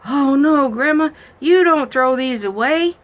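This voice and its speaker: A woman voicing an excited little girl of about four, talking in a breathless, insistent way. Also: high voice, unhurried, voice pushed up.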